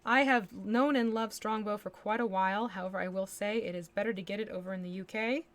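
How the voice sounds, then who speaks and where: A woman hosting a live painting stream talks in an easygoing, conversational way at a mid-range pitch. She thinks aloud and hums bits of nonsense syllables as she paints. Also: fairly even intonation, a little fast. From United States. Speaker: miniature painting livestream host. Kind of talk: casual chat while painting live.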